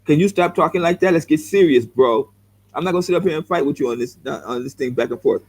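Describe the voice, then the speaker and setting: A man's voice: a little high, quick pace, darkish tone, husky, poor audio. Blunt, confrontational middle-aged man from Los Angeles. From South Central Los Angeles, United States. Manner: blunt, confrontational, repeats himself, calls viewers bro. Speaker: vlogger answering viewer comments. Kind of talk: heated direct-to-camera rant.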